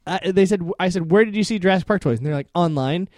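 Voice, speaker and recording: A man's voice: sits high, quick pace, a little mellow. A young man co-hosting a casual chat, rambling through a story and laughing often. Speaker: podcast co-host.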